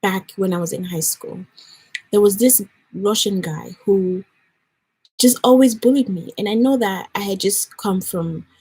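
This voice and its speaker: A woman's voice: medium pitch, unhurried, mellow, husky. A woman in her twenties from Nigeria, telling a personal story in an earnest, rambling chat for her vlog. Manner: earnest, conversational, rambling with fillers. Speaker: vlogger.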